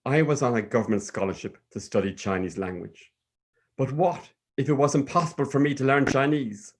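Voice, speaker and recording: A man with a Cork Irish accent telling a personal story in a measured, sing-song way. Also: medium pitch. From Ireland.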